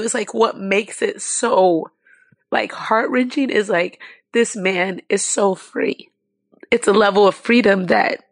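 A woman's voice: mid-range voice, creaky, dry recording. Emotional woman telling a story, dry sound. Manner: impassioned, many "like" fillers, halting restarts. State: near tears. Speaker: guest.

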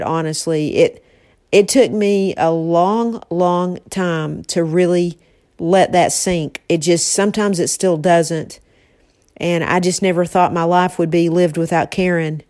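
Soft-spoken woman, choked up and reflective. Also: fairly low pitch, no echo, clean studio sound. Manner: tender, reflective, halting with emotion. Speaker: host remembering a late friend with her mother. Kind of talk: casual heartfelt conversation.

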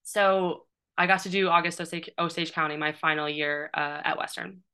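A woman's voice: low-pitched, steady tone, normal speed, pushed and bright, clear, resonant tone. A woman in her thirties, a playwright and performer, chatting in an interview with lots of fillers and restarts. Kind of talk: casual interview chat.

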